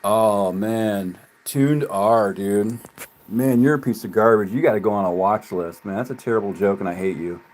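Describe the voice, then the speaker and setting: A man's voice: fairly low pitch, normal speed. Profane, mocking male livestreamer. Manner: mocking, profane, laughing often, swings from loud to muttering. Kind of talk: livestream rant to chat.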